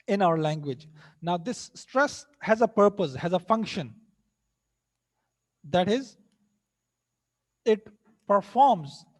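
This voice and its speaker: High-voiced man lecturing. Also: darkish tone. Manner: repeats himself and rephrases, hesitant fillers. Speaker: teacher. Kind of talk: lecture mixing English and Hindi.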